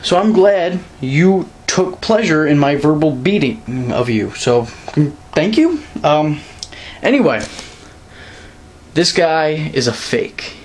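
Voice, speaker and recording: A young man ranting straight into his camera, scornful and mocking, his pitch jumping up to stress a point. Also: big pitch swings, takes it slowly, slightly rough. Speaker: wrestling vlogger. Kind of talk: direct-to-camera rant. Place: quiet room at night. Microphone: camera mic.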